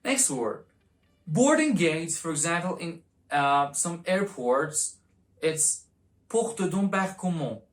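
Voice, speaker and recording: Low slow-talking woman teaching french words, repeats stuff over and over, faint music behind. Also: expressive. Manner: repeats words slowly and coaxes the listener to repeat. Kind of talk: vocabulary lesson with repetition drills.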